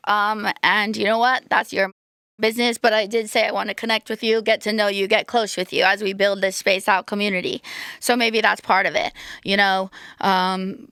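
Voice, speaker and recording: A woman's voice: medium pitch, gravelly, sharp tone, smooth, no echo, clean studio sound. A woman hosting a podcast, talking in a rambling, playful, self-deprecating comic monologue while slightly losing her voice. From United States. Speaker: podcast host. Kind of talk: casual comedic monologue.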